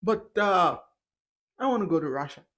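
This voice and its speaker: A man's voice: high-pitched, animated, moderate pace, a bit bright. A young man vlogging to the camera in a casual, hesitant way, often restarting and correcting himself.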